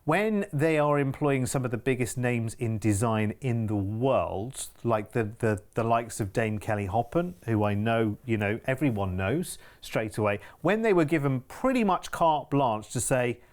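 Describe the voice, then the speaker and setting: A man's voice: mid-range voice, animated, normal speed. A man with a British accent presenting cruise deals on a TV shopping channel in an emphatic, chatty, upbeat way. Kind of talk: enthusiastic sales chat.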